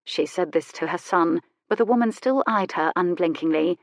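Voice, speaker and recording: A woman narrating a historical romance audiobook in an expressive, measured storytelling manner. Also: fairly low pitch, no echo. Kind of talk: scripted narration.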